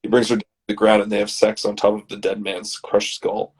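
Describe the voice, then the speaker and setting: A man from Canada, hosting and reading his comedy scripts aloud in a dramatic, animated way. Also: fairly low pitch, fairly quick, slightly rough. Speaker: host and scriptwriter.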